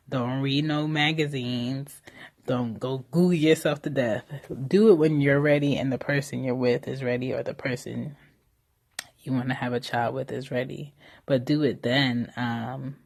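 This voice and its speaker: A woman's voice: very deep voice, fairly even intonation, moderate pace, a little mellow. Candid young mother hosting a podcast. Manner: candid, conversational, with frequent fillers and mild profanity. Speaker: podcast host. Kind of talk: casual solo podcast monologue.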